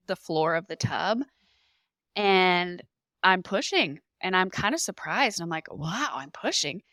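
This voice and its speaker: A woman in her thirties, a podcast guest, telling her birth story in an animated way and acting out what people said. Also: mid-range voice, no echo.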